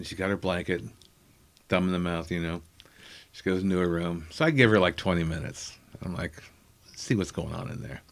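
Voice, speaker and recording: A middle-aged man telling rambling, self-deprecating family anecdotes in a casual chat, acting out the people he quotes. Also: sits low. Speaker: comedian guest.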